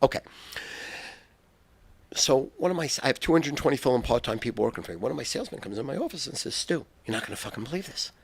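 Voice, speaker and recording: An older man telling wild stories as a podcast guest, loud and profane and laughing often. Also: mid-range voice, animated, quick pace, gravelly, pauses often, breathy edge. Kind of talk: boisterous storytelling.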